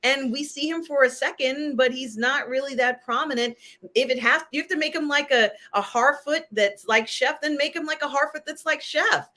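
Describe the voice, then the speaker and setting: Bright-voiced woman hosting a live chat. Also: high-pitched, moderate pace. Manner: chatty, many "um"s and "you know"s. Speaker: host. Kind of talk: casual live-stream chat.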